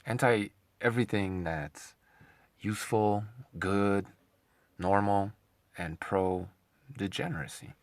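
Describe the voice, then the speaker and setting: A man's voice: fairly low pitch, slow, long pauses, no echo. A man hosting an opinionated commentary monologue, sarcastic and scornful, often rambling and repeating himself. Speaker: commentary channel host.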